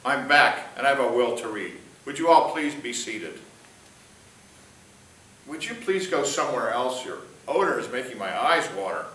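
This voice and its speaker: A man's voice: mid-range voice, sing-song, normal speed, pushed and bright. A man playing a snide lawyer reading a will. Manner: formal, snide. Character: smug, sharp-tongued lawyer and host of the manor. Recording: echoey room, mic at a distance.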